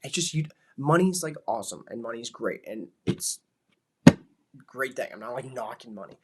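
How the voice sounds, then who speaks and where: A man in his thirties talks casually as a father, his voice slightly husky and pitched in the middle range. He rambles loosely, piling filler words into his sentences as he reflects. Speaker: vlogger, father.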